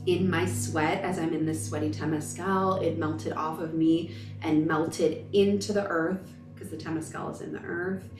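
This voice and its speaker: A woman's voice: sits low, fairly even intonation, unhurried, reverberant, distant mic, music in the background. A woman in her thirties, a spiritual vlogger, telling a personal story in an emotional, emphatic, gushing way.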